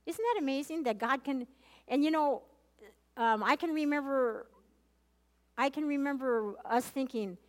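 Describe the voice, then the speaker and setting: A woman's voice: sits high, unhurried, long pauses. A woman leading a conversational Bible study, earnestly asking her listeners questions and often repeating and restarting her phrases. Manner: earnest, questions the audience directly. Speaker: Bible teacher.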